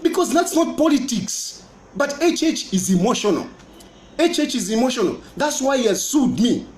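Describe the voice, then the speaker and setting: A man's voice: very high-pitched, very animated, normal speed, a little mellow. A politician with a Zambian accent talking to camera, boastful and mocking, repeating his points. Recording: roomy echo.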